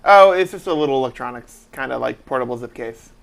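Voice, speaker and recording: A man's voice: mid-range voice, lively intonation, quick pace, vocal fry, a bit bright. A man co-hosting a casual talk show, chatting in a rambling way with lots of fillers. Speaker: podcast co-host. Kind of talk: casual chat.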